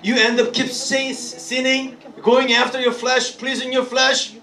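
A pastor leading Bible study speaks in a very high, bright, forceful voice with little pitch movement and a slightly slow pace. His sermon is interactive and playful: he teases, laughs often, and calls on the congregation to answer. He's recorded from far off in an echoey church hall, with the crowd audible.

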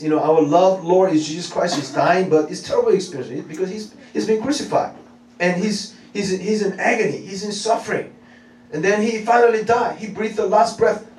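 Animated preacher man in echoey hall. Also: sits high. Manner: animated, laughing, repeats phrases, calls out to congregation. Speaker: pastor. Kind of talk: lively sermon. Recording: echoey room, mic at a distance, faint noise.

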